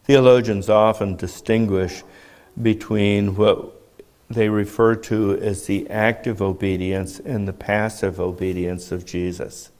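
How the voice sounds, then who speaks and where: Slow, measured male preacher. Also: fairly low pitch, level tone, a little mellow. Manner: measured teaching tone with rhetorical questions. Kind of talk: sermon.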